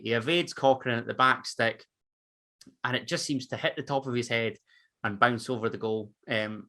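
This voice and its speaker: Bright-voiced Scottish man recapping a match. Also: mid-range voice. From Scotland. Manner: narrates match events, chatty and dry. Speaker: podcast co-host. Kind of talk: casual football chat and match recap.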